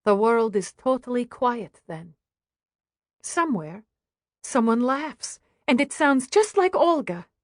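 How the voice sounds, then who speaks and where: Female audiobook narrator, grave and hushed, unhurried, dry close-miked studio sound. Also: on the high side, expressive, no room sound. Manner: hushed, grave first-person reading.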